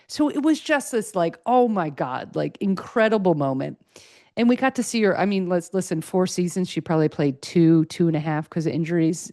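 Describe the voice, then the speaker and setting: A woman's voice: lowish voice, a little mellow, no room sound, studio quality. A woman hosting a sports podcast, chatting casually and getting emotional as she gushes. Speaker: podcast host.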